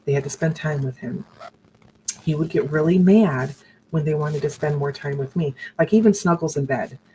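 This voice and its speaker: A woman's voice: deep voice, normal speed, dark tone, slight background noise, rough recording. A middle-aged woman earnestly recounting her own story to viewers on a broadcast, with reflective, faith-filled phrasing. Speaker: survivor sharing her story on a live broadcast.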